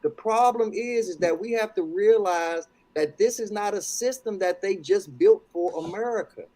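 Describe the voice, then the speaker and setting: A man making an earnest, preacherly point about everyone being victims, addressing "ladies and gentlemen". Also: sits high, normal speed, rough recording.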